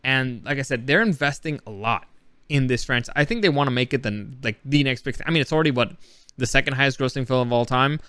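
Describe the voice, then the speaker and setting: A man's voice: mid-range voice, fast talker, pushed and bright, clean tone, no echo, clean studio sound. A man vlogging casually, rambling and chatty as he comments on his own travel footage. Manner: rambling, chatty, many fillers and restarts.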